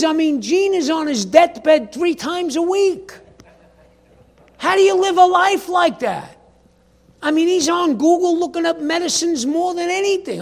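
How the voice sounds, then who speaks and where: Male pastor, very high voice, animated sermon delivery, names people in the pews, quiet asides then loud emphatic bursts. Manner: animated, addresses congregation members by name.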